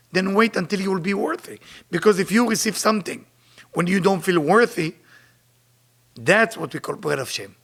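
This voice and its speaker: Emphatic teacher, man, gravelly. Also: high voice, a bit bright. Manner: emphatic, repeats rhetorical questions. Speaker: Kabbalah teacher. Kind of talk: spiritual lecture reading and translating Hebrew text.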